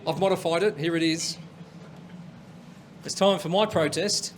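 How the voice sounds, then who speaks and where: A man's voice: sits high, normal speed, pauses often, slight background noise. A man hosting a comedy show, chatty and telling jokes, laughing at his own punchlines. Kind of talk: stand-up joke telling.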